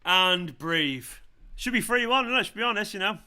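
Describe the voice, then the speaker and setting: A man hosting a live football watchalong, ranting and cursing at the officials. His voice is bright and fairly high. He talks like a fired-up fan. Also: animated, measured pace, smooth. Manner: ranting, swearing, shouting in celebration. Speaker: football fan channel host. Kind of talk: live match watchalong commentary.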